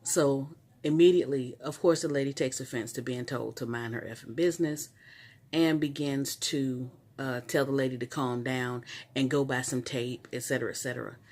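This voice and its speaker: An adult vlogger recounts a frustrating errand in an animated, exasperated rant, often tripping over their words and starting sentences again. The voice sits at an ordinary middle pitch and the talk is loose and conversational. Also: normal speed. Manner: animated, exasperated storytelling with frequent restarts. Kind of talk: casual story-time rant.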